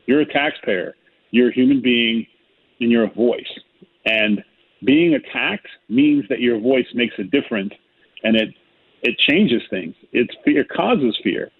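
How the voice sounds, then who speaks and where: A man talks through a discussion in an emphatic, earnest way. His voice is husky and a little rough. It comes through a thin, phone-like line. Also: medium pitch, expressive, a little slow. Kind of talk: call-in talk discussion.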